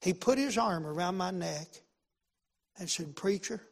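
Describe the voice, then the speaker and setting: High-voiced preacher in a reverberant hall. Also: male voice, lively intonation, measured pace, gravelly. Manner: folksy, emphatic, repeats phrases, swings from loud to hushed. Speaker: pastor. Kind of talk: sermon storytelling.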